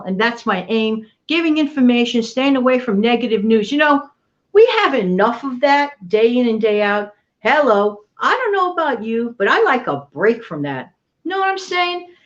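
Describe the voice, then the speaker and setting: A chatty woman hosts her livestream from home, her voice rising and falling a lot as she greets viewers one by one. She sits a bit high for a woman and repeats her friendly phrases. The sound is dull and lo-fi. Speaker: channel host. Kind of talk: casual livestream chat and recipe reading. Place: home, New York area.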